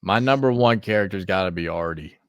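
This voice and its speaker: A man's voice: low-pitched, a little fast, a bit bright, no room sound, studio quality. Laughing, loose-talking male podcast host. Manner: laughs often, swears freely. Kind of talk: casual chat.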